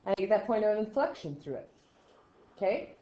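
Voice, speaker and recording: A woman teaching a math class, counting steps out loud, trailing off quietly, and checking in with "right?". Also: mid-range voice, sing-song, brisk. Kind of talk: classroom lecture. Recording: roomy classroom sound, slightly dull.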